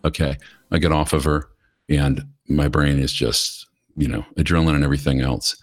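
A middle-aged American man with an extremely low, rumbling voice. He talks candidly and chattily as a podcast guest, telling stories and acting out bits of dialogue. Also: fairly even intonation, moderate pace. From United States. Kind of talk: casual interview storytelling.

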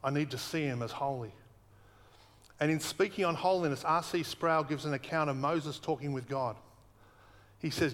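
Earnest preacher in a reverberant hall. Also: male voice, fairly high pitch, a bit bright. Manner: earnest, emphatic repetition, slows for weight. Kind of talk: sermon.

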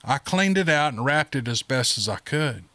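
Man doing a gruff country man. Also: mid-range voice, animated, moderate pace, pushed and bright, no room sound. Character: gruff rural Southern man, crude, outspoken.

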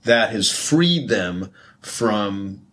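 A man hosting an interview, asking questions in a relaxed, loose and informal way. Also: fairly low pitch, drawn-out words. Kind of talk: casual interview chat.

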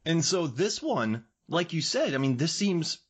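A man's voice: fairly high pitch, big pitch swings, slightly rough. A man hosting a podcast, chatting casually and enthusiastically about movies. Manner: enthusiastic, fast-riffing movie talk. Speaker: podcast host.

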